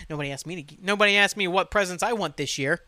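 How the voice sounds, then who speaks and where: A man in his thirties hosting a solo podcast, ranting casually with heavy swearing and animated asides. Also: high-pitched, no room sound. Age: 30s. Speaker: podcast host.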